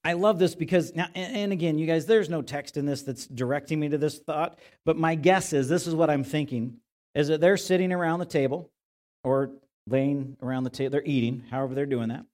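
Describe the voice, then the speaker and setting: A man's voice: a little high, a little fast, darkish tone. A male pastor giving a conversational sermon in a church, often asking his listeners rhetorical questions.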